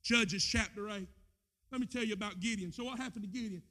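High-pitched man preaching with fire. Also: fairly quick. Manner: impassioned preaching, swinging between shouts and low asides. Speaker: pastor. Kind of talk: sermon. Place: church with a screen.

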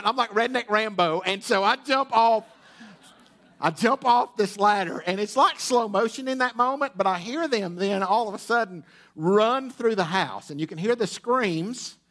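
A high-pitched male pastor tells a funny personal story from the pulpit of a church auditorium. He stumbles through restarts and drops playful asides to the congregation. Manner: humorous, animated storytelling with many restarts. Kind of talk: storytelling sermon. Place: church auditorium with sound booth.

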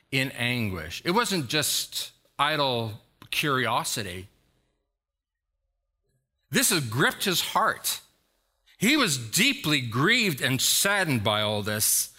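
A male pastor with a mid-range voice preaches a sermon, retelling a scripture story with dramatic emphasis and bursting into sudden loud exhortations.

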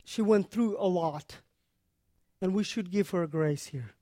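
A preacher teaching on a scripture passage in an earnest, unhurried way, pausing often to explain. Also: medium pitch, warm tone, no echo, clean studio sound.

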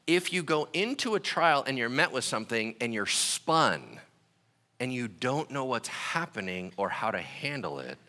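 A man's voice: mid-range voice, very animated, moderate pace, bright, forceful tone. A male pastor giving a conversational sermon, checking in with listeners with "right?" and acting out quoted voices. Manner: acts out voices in quoted asides.

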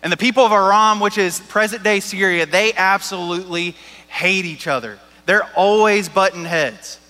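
High-voiced guy preaching a sermon, chatty and jokey, church room with a long echo. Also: moderate pace, sharp tone. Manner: casual and joking, with lots of "like" and "right?". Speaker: pastor.

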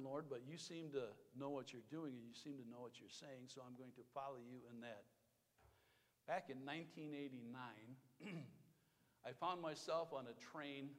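A man preaching a sermon, telling a story in a conversational way with small restarts. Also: mid-range voice. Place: church sanctuary. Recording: long reverb of a hall.

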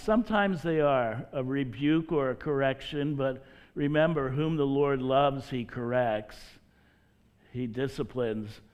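An earnest male pastor delivers a sermon in a slow, unhurried cadence, letting his phrases hang between pauses. His voice sits a little higher than most men's, and he speaks straight to his listeners as brothers and sisters. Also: clean tone. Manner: earnest, deliberate preaching with drawn-out pauses.

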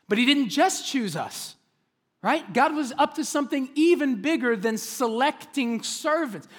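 A man preaching a sermon as a pastor, swinging between hushed, intimate asides and loud, excited preaching. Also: high voice.

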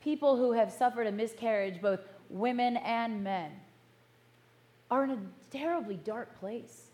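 A middle-aged woman pastor giving a sermon in an earnest, measured way, slowing down to stress key words. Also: fairly high pitch, darkish tone. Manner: earnest, measured, slows for emphasis.

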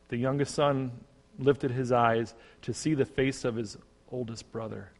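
A male pastor telling a parable in a measured, even way. His middle-pitched voice rings with a long reverb. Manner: measured storytelling. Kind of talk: sermon storytelling.

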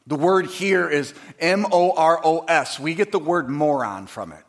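A pastor delivering a sermon, moving between quiet, conversational asides and loud, emphatic preaching, acting out quoted voices. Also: male voice, on the high side, unhurried. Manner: acts out quoted voices dramatically.

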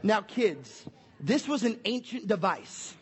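A young adult man preaching a lively family Christmas sermon in a church hall, playful and energetic as he acts out little scenes. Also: high voice, takes it slowly, slight background noise. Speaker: pastor. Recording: echoey hall with long reverb.

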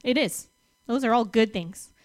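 A woman giving a sermon, animated and emphatic, often laughing between phrases. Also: a little high, unhurried, no echo. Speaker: speaker.

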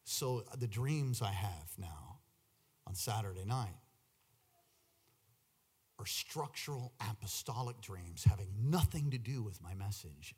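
A man preaching a charismatic sermon in church, moving from quiet storytelling to shouted call-and-response with the congregation. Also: on the low side, slightly rough.

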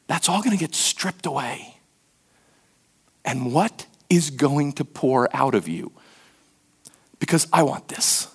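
A man preaching a sermon as pastor, telling stories and acting out quotes, sometimes dropping to a hushed near-whisper for emphasis. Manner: storytelling, acts out quotes with sudden pitch jumps.

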